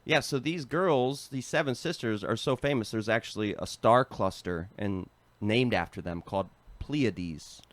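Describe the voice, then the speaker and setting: A man with an American accent co-hosting a casual podcast, a relaxed storyteller who reads passages aloud. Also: lowish voice, measured pace, hardly any pauses, no room sound. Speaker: podcast co-host.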